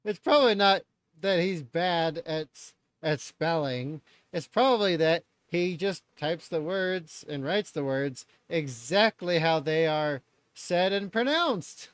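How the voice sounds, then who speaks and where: A man's voice: a little high, animated, slow pace, clear, resonant tone, dry recording. A man hosting a live stream, reacting in loose, chatty talk and swearing freely.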